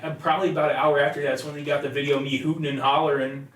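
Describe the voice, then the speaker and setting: A man's voice: on the high side, little pitch movement, rapid-fire. A young man co-hosting a casual podcast, telling rambling, profanity-laced stories. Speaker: podcast co-host. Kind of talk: casual chat. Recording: echoey room.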